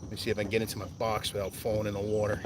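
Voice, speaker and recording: Man from New Jersey, low-pitched, easygoing fishing streamer on a kayak; outdoor insect noise in the background. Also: completely flat delivery, racing, recorded from a distance. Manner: laid-back, rambling, talks to viewers while fishing. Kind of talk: casual live-stream chat.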